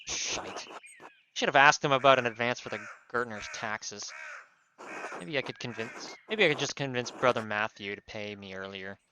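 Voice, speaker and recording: A man's voice: medium pitch, moderate pace, sharp tone, slight background noise. Casual, joking male streamer. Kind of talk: game playthrough commentary.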